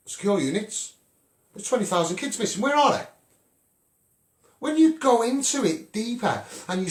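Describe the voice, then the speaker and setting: Fiery high-voiced Scouse campaigner. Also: male voice, roomy sound. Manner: punchy, repeats "right?" for emphasis. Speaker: children's rights campaigner. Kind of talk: impassioned campaign monologue.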